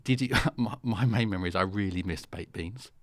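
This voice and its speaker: A man with a British accent co-hosting an interview, throwing in quick jokes and stories. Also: lowish voice. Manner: joking, quick asides. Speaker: co-host. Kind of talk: interview co-host.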